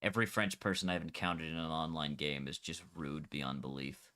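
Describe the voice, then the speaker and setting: A man's voice: a bass voice, brisk. A young Scottish man chatting casually while gaming, arguing his point with energy and some swearing. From Scotland. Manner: animated, argumentative, swears freely. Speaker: Minecraft server streamer.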